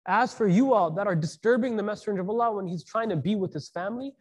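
High-voiced man giving a slangy sermon. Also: quick pace. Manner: slangy, animated, acts out quotes, frequent "like". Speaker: Islamic preacher. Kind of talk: casual sermon with storytelling.

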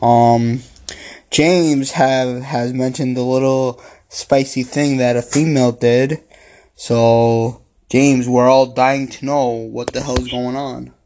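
A man's voice: medium pitch, steady tone, takes it slowly, darkish tone. A man hosting a podcast, opening a segment and teasing his co-host in a laid-back way. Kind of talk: casual podcast chat.

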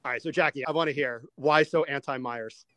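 Smooth-voiced man hosting a movie chat. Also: mid-range voice, no room sound. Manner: animated, quick asides, steers the discussion. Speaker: podcast host. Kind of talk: casual movie-review chat.

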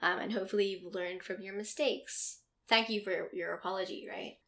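A woman's voice: mid-range voice, steady tone, normal speed, pushed and bright. A young woman in casual chat, telling a story, laughing often and trailing off with ums.

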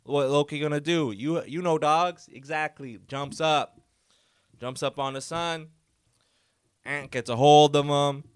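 A man's voice: fairly high pitch, steady tone, measured pace, clean tone, no echo, studio quality. A man hosting a solo podcast, telling a story casually and loosely, with lots of fillers and quoted voices. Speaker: podcast host.

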